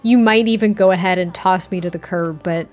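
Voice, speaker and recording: A woman voicing an earnest, tender young man who pleads softly and stumbles over his words. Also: lowish voice, faint music behind, close to an everyday voice. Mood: pleading. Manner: pleading, halting restarts.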